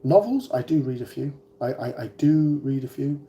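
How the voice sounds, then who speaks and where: A man's voice: medium pitch, expressive, moderate pace, warm tone. A man in his forties with a British accent, chatting casually with viewers on a livestream, rambling and hesitant with many ums and restarts. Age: 40s. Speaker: vlogger.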